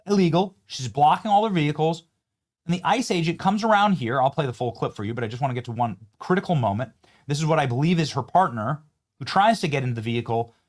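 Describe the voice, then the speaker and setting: Impassioned male political commentator. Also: on the high side. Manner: impassioned, emphatic, moralizing. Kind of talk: opinionated commentary over video clips.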